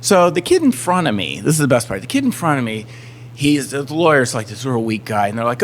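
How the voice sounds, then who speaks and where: A man's voice: mid-range voice, a little fast. A man in a casual podcast chat, telling a story and acting out the other people in it. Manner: animated storyteller, acts out other people's lines. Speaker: touring band musician, guest.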